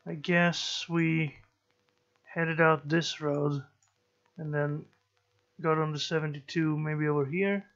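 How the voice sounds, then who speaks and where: A man giving slow let's play commentary, musing and thinking aloud as he plays. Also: a little high, steady tone, a bit bright, lo-fi sound. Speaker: gameplay commentator.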